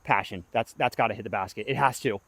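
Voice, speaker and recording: A man's voice: fairly low pitch, quick pace, a bit bright, slight background noise. Young guy talking to himself out on the course, hyped then groaning, pleading with every throw, bugs chirping behind. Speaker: disc golf vlogger. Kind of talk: self-filmed play-by-play commentary. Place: outdoor disc golf course.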